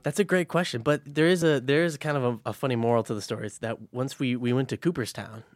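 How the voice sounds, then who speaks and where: A man's voice: mid-range voice, fast talker, no echo. A young man co-hosting a sports talk show in casual chat, joking and telling stories with energy. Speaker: podcast co-host.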